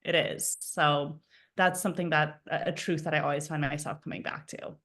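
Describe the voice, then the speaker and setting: A woman in her thirties, a spiritual coach, chatting casually as a podcast guest, animated and full of "like" fillers and emphatic repetitions, talking over a remote call. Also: deep voice, moderate pace. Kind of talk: casual conversational storytelling. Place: at home property, indoors.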